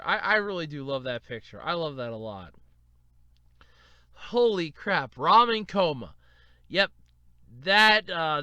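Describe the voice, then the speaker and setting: A man talks by himself on his podcast, his voice high and bright and swinging all over the place. He rants freely, swears, and slips into little voices to act out what other people said. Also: a little slow, pauses often, clear, resonant tone, no echo. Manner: animated, swearing, gushing, acts out quotes. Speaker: podcast host. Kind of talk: solo casual podcast rant.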